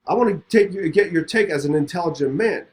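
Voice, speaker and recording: A man's voice: on the high side, fairly quick. A man, a podcast host telling a personal story in casual conversation and acting out the voices in it. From Middle East. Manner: animated, acts out both sides of a story.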